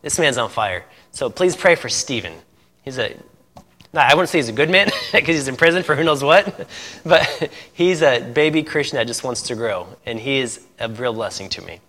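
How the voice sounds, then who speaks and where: A man preaching, telling a lively testimony story to a congregation, laughing often and acting out dialogue. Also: mid-range voice, normal speed. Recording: echoey hall.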